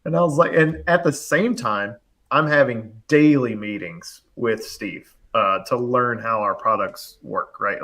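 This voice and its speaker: Animated man telling a story on a live show. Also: medium pitch. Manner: animated, fast storytelling full of "like" and acted-out quotes. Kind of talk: casual storytelling chat. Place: live online show, remote.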